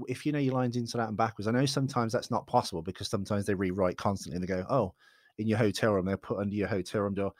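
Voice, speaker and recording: A low-voiced man thinking out loud as an interview guest, his points drifting and correcting themselves as he goes. The sound is dry and close. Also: fairly even intonation, very fast, no echo. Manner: reflective, rambling, self-correcting. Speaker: actor guest. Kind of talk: casual interview chat.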